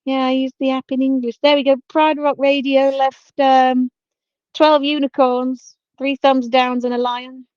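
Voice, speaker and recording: A woman's voice: high voice, level tone, a little slow, a little mellow, no echo, lo-fi sound. A woman co-hosting a casual online crypto talk stream, chatty and giggly, often trailing off with fillers. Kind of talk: casual chat.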